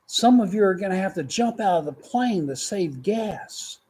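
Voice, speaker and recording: A man's voice: sits high, lively intonation, moderate pace, darkish tone, husky, pitched above the performer's own voice. An older man voicing an airplane pilot who calls back to passengers in a raised, urgent voice in a joke.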